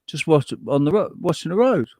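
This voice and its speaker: A man's voice: a little high, big pitch swings, brisk, a little mellow, no echo, studio quality. Rambling, swearing man. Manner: rambling, profane storytelling with many restarts. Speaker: co-host. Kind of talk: casual chat.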